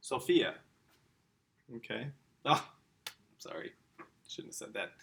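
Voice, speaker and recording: A man's voice: medium pitch, lively intonation, takes it slowly, gravelly, pauses often, a bit bright. A man teaching a casual lesson, talking straight to the kids and their parents with eager enthusiasm. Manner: enthusiastic, chatty, addresses the kids directly. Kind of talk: informal home-school lesson.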